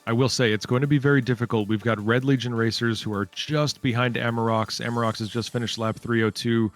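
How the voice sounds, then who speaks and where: A man's voice: medium pitch, fairly even intonation, brisk, faint music behind. A man commentating a live-streamed space ship race, chatty and thanking viewers by name.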